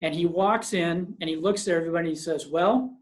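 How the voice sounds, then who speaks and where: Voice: mid-range voice, fairly even intonation, fast talker. A presenter giving a business webinar over a video call, telling a story and then giving emphatic advice to listeners.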